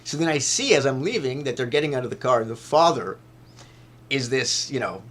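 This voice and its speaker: Male vlogger, mid-pitched, rambling monologue with restarts and swearing, heats up into loud retelling. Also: expressive, brisk. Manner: rambling, repeats himself, swears, grows loud when retelling a fight.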